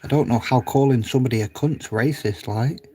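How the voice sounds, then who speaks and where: A man chatting casually on a live stream, reading comments aloud, rambling, swearing freely and laughing often, sometimes dropping to a low mutter. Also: brisk, a little mellow, a little hiss or hum.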